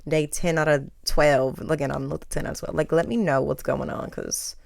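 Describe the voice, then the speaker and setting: A woman's voice: low-pitched, fairly even intonation, brisk, vocal fry, a little mellow, no echo, clean studio sound. A woman hosting a podcast, giving chatty, opinionated pop culture commentary full of filler words. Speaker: podcast host.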